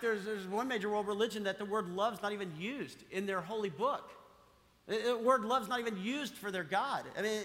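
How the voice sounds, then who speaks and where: A man's voice: high-pitched, pushed and bright. A man preaching a sermon as pastor, emphatic, repeating key phrases and putting questions to the congregation. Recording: long reverb of a large hall.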